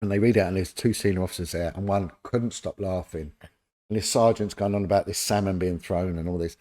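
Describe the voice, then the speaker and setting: Brisk and low, the voice is a middle-aged man's with a London accent. He used to be a police detective and, as a podcast guest, spins animated tales in a casual chat while acting out the characters.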